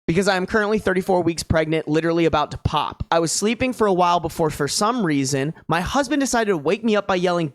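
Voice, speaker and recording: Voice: medium pitch, lively intonation, fast talker, hardly any pauses, no room sound, studio quality. A streamer reading online posts aloud in a casual, slangy way, breaking off for exasperated, disbelieving reactions. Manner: exasperated, incredulous reactions between read passages; slangy and casual, calls listeners bro and dude.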